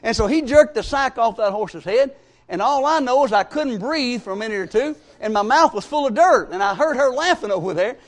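A man preaching a sermon, telling folksy stories and swinging between emphatic rises and quiet drops. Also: very high-pitched, animated, fairly quick.

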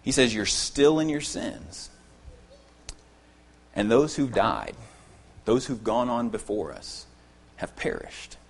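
A man preaching an expository sermon to his congregation, earnest and emphatic, repeating key phrases and dropping to quiet asides. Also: medium pitch, big pitch swings, slow pace, gravelly, pauses often.

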